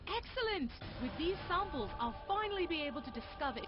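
A woman voicing an eager female scholar in a video game who talks in an excited, lively way. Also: very high-pitched, fairly quick, dull audio.

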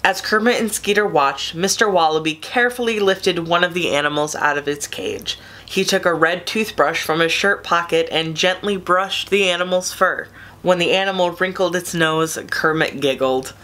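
Woman gently reading a storybook aloud. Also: fairly low pitch, moderate pace. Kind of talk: reading a children's picture book aloud.

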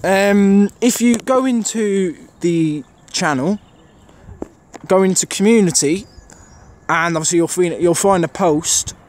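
A man's voice: sits high, slow, a little mellow, a little hiss or hum. Chatty man commentating on trains. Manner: chatty, rambling, thinks aloud with many fillers. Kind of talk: casual running commentary to camera. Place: outdoor railway station platform.

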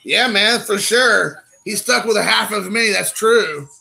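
A man in his thirties hosting a casual stream while opening trading card packs, excitable and rambling, calling people dude. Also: high-pitched, unhurried, gravelly, poor audio. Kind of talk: casual live-stream chat.

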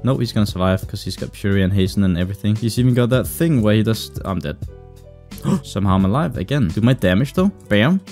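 A man commentating his own online game play, excitable, swearing and breaking into sudden loud outbursts. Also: lowish voice, fast, faint music behind. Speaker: gaming YouTuber. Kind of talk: live gameplay commentary.

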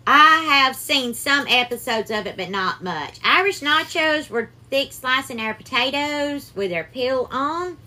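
A woman's voice: sits high, animated, measured pace, hardly any pauses, pushed and bright. A woman with a Southern US accent hosts a casual live cooking stream, chatting and greeting viewers by name with sweetheart and darling. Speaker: cooking livestream host.

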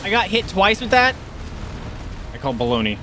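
A man livestreaming gameplay, excitable and quick to curse, taunting the enemies he fights. His voice sits fairly high and moves around a lot. Faint game music plays behind him. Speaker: game streamer. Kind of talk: live gameplay commentary.

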